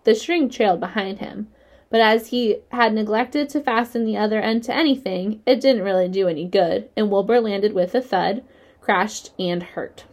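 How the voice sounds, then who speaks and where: A woman reads a children's chapter book aloud, her voice sitting in an ordinary middle register for a woman. She tells the story clearly and expressively, with a steady reading pace. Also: medium pitch, normal speed. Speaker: narrator.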